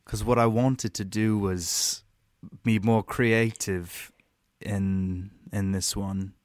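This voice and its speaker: A woman doing an impression of a soft-spoken young male pop star, halting and hesitant, off-mic. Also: a bass voice, fairly even intonation, no room sound, clean studio sound, pitched below the performer's own voice. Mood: bashful. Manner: hesitant, halting, looks away mid-sentence.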